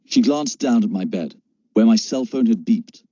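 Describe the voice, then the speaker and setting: A male narrator reads a first-person story in steady storytelling. His voice is very dark and somewhat husky. The recording is dull, dry and lo-fi. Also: lowish voice, moderate pace, dry recording. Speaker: audiobook narrator.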